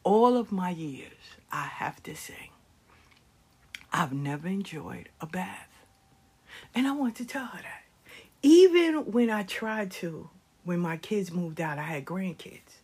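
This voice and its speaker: A woman's voice: mid-range voice, a little slow, darkish tone, husky. An older woman with nine grandkids, talking casually and passionately about life lessons, often dropping her voice to a whisper. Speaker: speaker giving life advice. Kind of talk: casual storytelling monologue.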